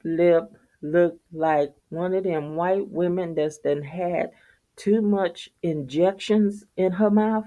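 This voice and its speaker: A woman's voice: fairly low pitch, takes it slowly, mellow, muffled recording. A middle-aged woman, telling viewers a casual, profane story and laughing often. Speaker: vlogger.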